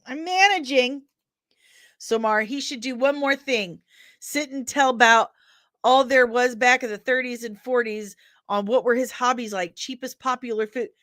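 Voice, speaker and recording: A woman in her forties with a Midwestern American accent, hosting a casual pop culture chat in an animated, ranting, jokey way. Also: fairly high pitch, moderate pace, dry recording, clean studio sound. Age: 40s. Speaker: pop culture news host.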